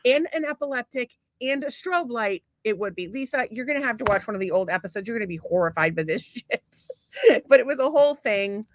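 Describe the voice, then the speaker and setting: A woman's voice: fairly high pitch, lively intonation, a little fast. A woman co-hosting a casual podcast with her husband, rambling through blunt, profane stories and opinions. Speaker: podcast co-host. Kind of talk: casual crude banter.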